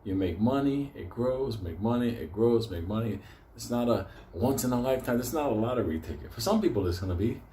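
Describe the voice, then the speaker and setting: With a medium-pitched, mellow voice, lively intonation and a brisk pace, this older stock market video host delivers a profane, casual monologue to viewers. He rambles, swears constantly and laughs often, and there's slight background noise.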